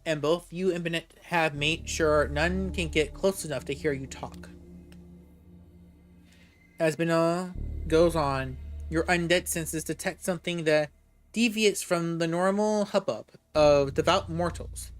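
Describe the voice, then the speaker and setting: A man streaming a game, reading its story aloud steadily with small stumbles. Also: a little high. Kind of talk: reading a visual novel aloud.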